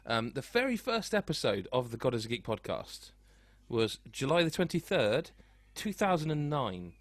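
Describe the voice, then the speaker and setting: A man's voice: medium pitch, big pitch swings, normal speed, no room sound. A man hosting a casual video game podcast, chatty and self-deprecating, rambling with restarts. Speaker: podcast host. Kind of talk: casual chat.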